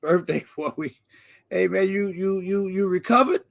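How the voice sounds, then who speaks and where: Gravelly man hyping up a livestream. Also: sits high, normal speed. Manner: energetic slangy shout-outs to viewers. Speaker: livestream host. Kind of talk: casual livestream chat.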